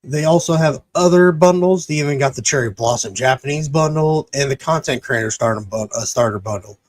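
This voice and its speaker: A man's voice: mid-range voice, brisk, dry recording. A man hosting a podcast, reading a sponsor plug in a rambling, casual way, swearing and tripping over his words. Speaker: podcast host.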